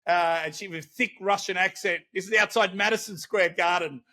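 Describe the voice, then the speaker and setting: An Australian man telling lively stories in a casual podcast chat, laughing often as he talks. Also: sits high, normal speed. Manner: animated storytelling, laughs often. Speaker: guest, celebrity interviewer.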